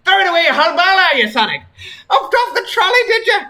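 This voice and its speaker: A man's voice: extremely high pitch, big pitch swings, quick pace, sharp tone, voice pushed up, full character voice. A man putting on a cheery British young woman's voice, chirpy and slangy, for a comedy reading.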